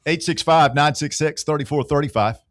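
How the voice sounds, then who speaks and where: A man's voice: fairly high pitch, a little fast, no room sound, studio quality. A man hosting a sports talk radio show, trading sarcastic, needling banter with his co-hosts.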